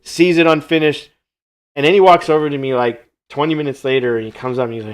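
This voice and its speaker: A man hosting a live stream, telling a casual anecdote from his studio and acting out the lines of the people in it. He often trails off into quiet asides. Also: on the high side, fast talker, clean tone. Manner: animated anecdote-telling that acts out quoted dialogue, trailing off quietly. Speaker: host and creature sculptor. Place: his own art studio.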